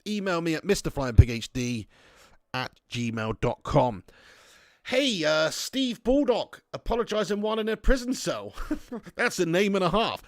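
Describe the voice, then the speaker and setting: Chatty guy hosting a football watch-along, jokey rambling banter, slightly high voice, dry sound. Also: big pitch swings, unhurried, dry recording. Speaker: livestream host reading viewer chat.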